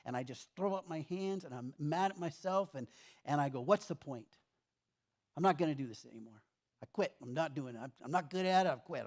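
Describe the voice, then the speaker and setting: Middle-aged pastor preaching conversationally. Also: male voice, fairly high pitch. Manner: conversational storytelling, acts out his own complaints. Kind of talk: sermon. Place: church.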